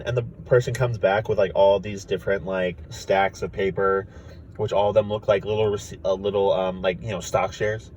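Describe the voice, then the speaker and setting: A young man casually pitching a story idea, rambling with lots of fillers and restarts. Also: level tone, unhurried, pauses often, a little mellow, slight background noise, rough recording. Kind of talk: casual chat.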